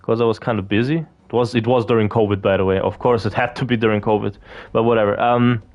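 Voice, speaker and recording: The audio is dull, and the man's low, steady voice moves fast. As a gaming video creator, he chats casually over his game, rambling, cursing, using many fillers and restarting his thoughts.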